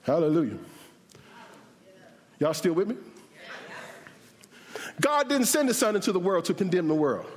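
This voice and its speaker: A male pastor preaching an animated, humorous sermon with shouted bursts, then praying in a softer voice. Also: high voice, normal speed, long pauses. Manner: closes in a softer prayer. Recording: reverberant hall.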